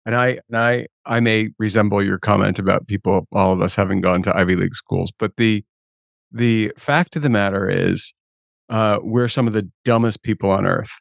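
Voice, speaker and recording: Low, gravelly man with wry humor. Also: normal speed, no echo. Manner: wry, self-deprecating. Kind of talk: casual interview conversation.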